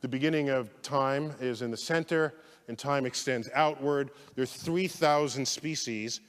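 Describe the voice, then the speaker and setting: A man giving an animated public science lecture, theatrical, swinging from loud outbursts to hushed asides. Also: mid-range voice, a little slow. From United States. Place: large lecture hall. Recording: long hall reverb.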